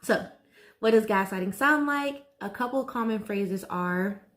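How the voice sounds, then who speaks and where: Nervous woman vlogger talking slowly. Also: medium pitch. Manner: nervous, slow and halting, with frequent "like". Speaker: wellness vlogger. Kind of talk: casual talk to camera.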